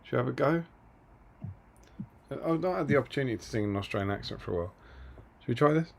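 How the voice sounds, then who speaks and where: A man's voice: medium pitch, expressive, quick pace, vocal fry. A man co-hosting a hobby live stream over a video call, playful and self-deprecating, often trailing off and restarting. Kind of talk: casual chat on a video call.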